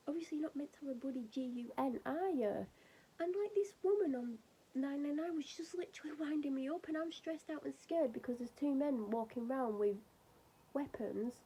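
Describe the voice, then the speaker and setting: A woman's voice: high-pitched, mellow, slight background noise, poor audio. A woman chatting casually to camera as a vlogger, rambling through an exasperated story with lots of fillers. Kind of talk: casual chat.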